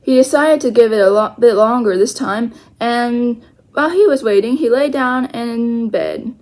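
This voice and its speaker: A woman's voice: a little high, a little mellow. Woman reading a children's book aloud. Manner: slow careful reading with small self-corrections. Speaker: storyteller.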